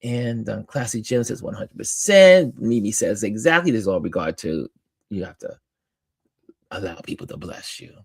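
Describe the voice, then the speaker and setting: A man hosting a live-stream, greeting viewers by name and reading their comments aloud in an upbeat, animated way. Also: on the low side, normal speed, gravelly, breathy edge, no room sound. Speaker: host.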